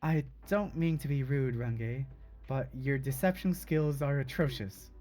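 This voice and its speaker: A man's voice: medium pitch, unhurried, mellow, faint music behind, close to an everyday voice. A man voicing a perceptive schoolgirl who probes and teases. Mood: probing. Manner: probing, teasing. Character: sharp perceptive schoolgirl, teasing.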